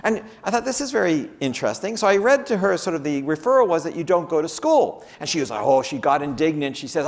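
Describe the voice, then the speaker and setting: Male keynote speaker, fairly high voice, lively storyteller, long hall reverb. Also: fast, creaky, few pauses. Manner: animated, acts out the people in his stories. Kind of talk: lecture with storytelling. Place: conference hall.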